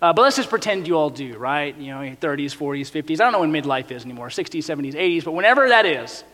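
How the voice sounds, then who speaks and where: A man preaching a sermon in a casual, animated way, often acting out quotes in other voices. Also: a little high, quick pace, in a large hall. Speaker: pastor.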